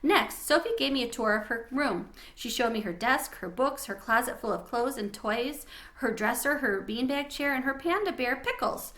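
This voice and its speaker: A woman reading a children's chapter book aloud in an expressive, gentle way. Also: high-pitched, moderate pace. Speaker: storybook reader.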